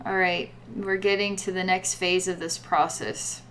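A woman's voice: on the low side, steady tone, unhurried, fairly bright tone, a little hiss or hum. A woman giving a guided psychic reading in a rambling way, full of fillers and repeated words. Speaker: psychic reader.

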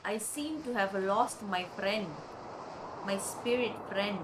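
A woman commentating her video game play, chatty and excitable, talking to the characters and swearing casually. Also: mid-range voice, takes it slowly, noisy background. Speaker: gamer playing a video game. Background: soft game music.

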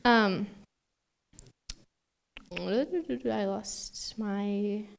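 A woman's voice: medium pitch, drawn-out words, vocal fry. A young woman giving a maid of honor toast at a wedding reception, chatty and emotional, laughing often between fillers.

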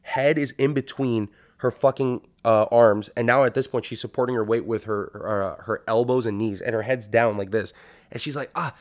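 Profane, animated male podcast storyteller. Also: medium pitch, moderate pace. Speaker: podcast host. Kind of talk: casual storytelling.

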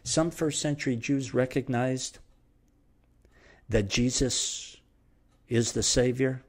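A man's voice: medium pitch, steady tone, slow pace. Emphatic man preaching a sermon. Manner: emphatic, repetitive preaching cadence. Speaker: preacher and Bible teacher. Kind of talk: verse-by-verse sermon.

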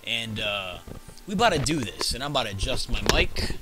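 In this gameplay commentary, a teenage boy hosting his own video rambles and jokes through stories in a goofy storytelling style. His medium-pitched voice swings widely and moves fairly quickly, with game music and other background noise audible.

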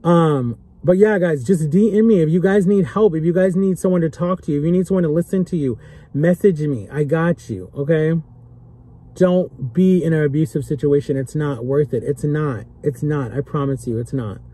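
A man's voice: fairly high pitch, moderate pace, mellow, breathy edge. A young man talking straight to camera in an impassioned vlog, earnest and pleading, repeating himself for emphasis and emotional as he speaks. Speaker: vlogger. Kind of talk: impassioned direct-to-camera talk.

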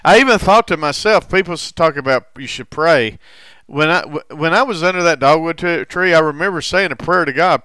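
A man in recovery telling a personal story in a halting way, with frequent restarts and heavy swearing. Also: on the high side, sharp tone, clean tone, dry recording. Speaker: recovering alcoholic sharing his story.

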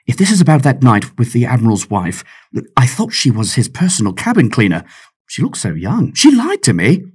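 A man voicing a cocky, boastful young pirate captain in an audiobook, his voice jumping high when excited. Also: normal speed, slightly rough. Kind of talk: audiobook character voice.

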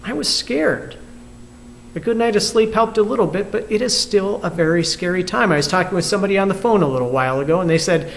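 Male pastor, high voice, reflective video sermon, asks the viewers questions. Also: lively intonation, fast talker, creaky. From United States. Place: church.

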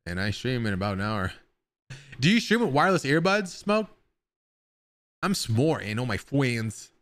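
A man's voice: medium pitch, big pitch swings, moderate pace, a bit bright. A man streaming live, chatting casually with his viewers in a rambling way and swearing now and then.

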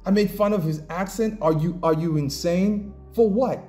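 A man with a slightly high, mellow voice tears into his critics in an angry commentary rant. He is combative and mocking, with faint music playing underneath. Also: moderate pace. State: pissed off. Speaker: independent comic creator and commentator.

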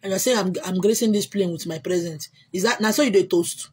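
A woman with a Nigerian accent hosting a casual livestream, answering viewer comments in an emphatic, repetitive way with loud exclamations. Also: mid-range voice, a little fast, slightly rough. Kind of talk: casual chat.

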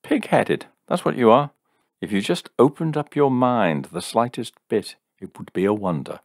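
A man's voice: medium pitch, expressive, normal speed, no echo, clean studio sound, pitched above the performer's own voice. Storybook role: feisty believer girlfriend, argumentative, sarcastic, put on by a male reader. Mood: insistent. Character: defiant young woman who believes in psychics.

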